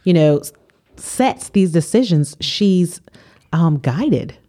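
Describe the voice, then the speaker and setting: A woman's voice: lowish voice, animated, takes it slowly, mellow. Playful woman chatting on a podcast. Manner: playful, plays along. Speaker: co-host. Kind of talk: casual podcast chat.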